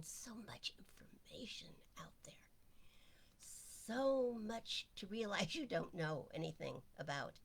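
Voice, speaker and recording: A woman with a low, gravelly voice leads a weekly online gathering as its minister. She keeps the talk casual and teasing, and now and then she lets her voice sink into quiet asides. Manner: playful, chatty, drops into quiet asides. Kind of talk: casual livestream chat.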